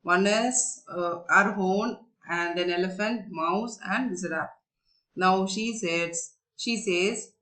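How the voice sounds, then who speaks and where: A woman's voice: lowish voice, slow, fairly bright tone. A woman teacher explaining a story to young children, repeating herself, searching for words and asking them questions.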